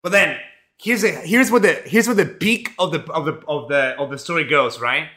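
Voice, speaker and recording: A male streamer telling a rambling, profane story in a casual, animated way, full of fillers. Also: fairly high pitch, normal speed, echoey room.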